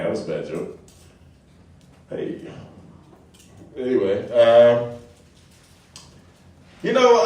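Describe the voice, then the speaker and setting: A man performing stand-up comedy at an open mic, his delivery loose and profane and full of asides to the crowd. His pitch swings widely as he talks. The sound comes from a distant mic in a very echoey club.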